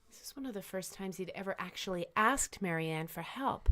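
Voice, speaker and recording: A woman's voice: medium pitch, expressive, a little fast, pushed and bright. A woman telling an improvised comic story in playful narration, with acted quotes.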